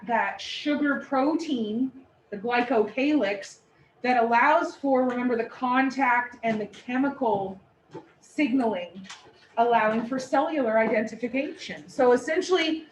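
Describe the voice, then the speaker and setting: High-voiced woman teaching, playful. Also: unhurried. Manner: animated, playful explanations. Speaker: instructor. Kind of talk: classroom lecture. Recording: echoey room, distant mic, faint noise.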